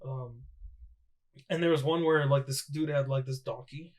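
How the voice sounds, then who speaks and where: A man's voice: medium pitch, fairly even intonation, fast, darkish tone. A young man co-hosting a podcast, telling stories in a casual, swearing style. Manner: laid-back storyteller, swears, mimics people in quotes. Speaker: podcast co-host. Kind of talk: casual chat.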